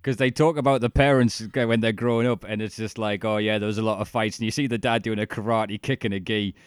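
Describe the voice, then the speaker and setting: Young male co-host, lively sweary chat, dry close sound. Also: on the low side, fast, clear, resonant tone, dry recording. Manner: animated, sweary, does voices when retelling. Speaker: podcast co-host. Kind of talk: casual chat.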